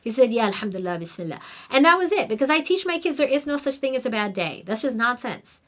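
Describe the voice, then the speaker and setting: A middle-aged woman hosting a podcast, telling a story in an animated, emphatic, conversational way. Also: sits high, fast. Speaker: podcast host. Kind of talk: casual storytelling monologue.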